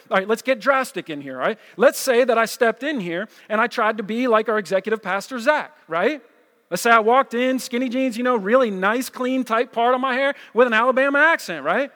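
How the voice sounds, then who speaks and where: A pastor from New with a fairly high voice, preaching in a casual, conversational way. He repeats himself and keeps asking "right?" to draw the room in. His voice rings out with a long, echoing reverb. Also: expressive, fast, fairly bright tone. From New Jersey. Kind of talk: sermon. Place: church hall.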